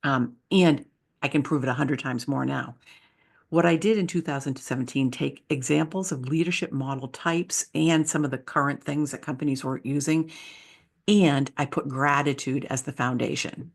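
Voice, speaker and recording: A woman's voice: a bass voice, moderate pace, gravelly, breathy edge. A woman who is a leadership speaker and author, giving an enthusiastic, conversational presentation with slides.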